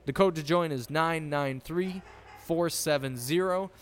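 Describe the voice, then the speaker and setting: A man's voice: fairly high pitch, a little slow, a little hiss or hum. A man hosting a casual sports podcast, joking and sarcastic. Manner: sarcastic, jokey, deadpan insults. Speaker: podcast host.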